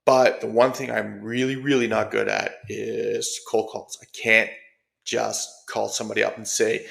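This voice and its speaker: A man hosts his own podcast in a loose, rambling way, full of ums and restarts. His voice sits a little low and carries heavy fry throughout. He sounds friendly and chatty. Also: level tone, a little slow, a bit bright. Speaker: podcast host, mortgage agent. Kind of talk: casual solo podcast talk.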